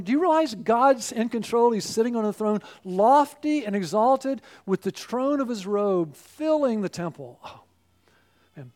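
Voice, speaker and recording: High-voiced preacher with dramatic swings. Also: male voice, big pitch swings, a little slow. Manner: emphatic, swings between loud exclamations and hushed asides. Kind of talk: sermon.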